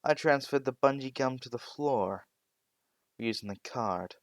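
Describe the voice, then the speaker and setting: A man voicing a smug, mocking teenage boy magician in a spoken fan-fiction story, with a calm, taunting delivery. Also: medium pitch, measured pace, no echo, clean studio sound, pitched above the performer's own voice, close to an everyday voice.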